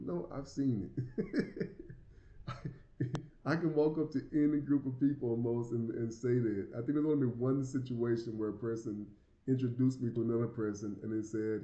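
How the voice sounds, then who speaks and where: A man's voice: mid-range voice, a little fast, warm tone, reverberant, highs cut off. An American man with a Southern accent and a slight lisp, talking casually to the camera in a rambling way, often repeating words and chuckling. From United States. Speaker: vlogger living abroad.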